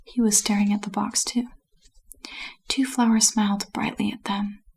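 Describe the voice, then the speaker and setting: A woman reading a bedtime story aloud as a whispered role-play, soft and unhurried. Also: medium pitch, flat delivery, gravelly, slight background noise.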